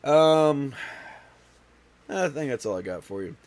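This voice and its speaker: A man's voice: medium pitch, expressive, takes it slowly, darkish tone. A man hosting a casual home livestream, stuffy and out of breath, talking in a tired, rambling way full of fillers and restarts. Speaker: livestream host.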